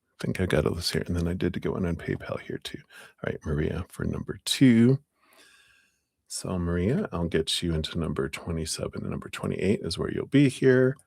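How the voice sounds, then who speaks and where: A deep, gravelly male voice with a dry, close-miked sound. He hosts a live tarot stream and keeps up chatty, apologetic banter as he works through his list, laughing easily. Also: lively intonation, moderate pace, darkish tone, dry recording. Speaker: tarot reader hosting live readings. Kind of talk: casual live-stream chat.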